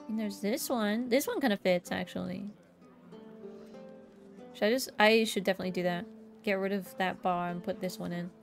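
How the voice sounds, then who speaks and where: A woman's voice: medium pitch, normal speed, vocal fry, soft background music. A woman streaming a game, chatting casually to herself in a playful, jokingly bossy way. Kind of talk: casual gameplay commentary.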